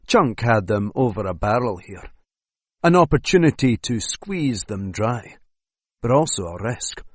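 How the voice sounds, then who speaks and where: A man narrating a crime audiobook in an even, unhurried way. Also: medium pitch, slightly rough, no echo. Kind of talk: scripted narration. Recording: dry close studio sound.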